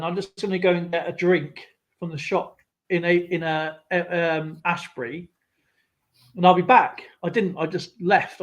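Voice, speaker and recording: High-voiced man telling stories. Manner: rambling, laughs, acts out others' voices. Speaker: live stream host. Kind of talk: casual storytelling chat.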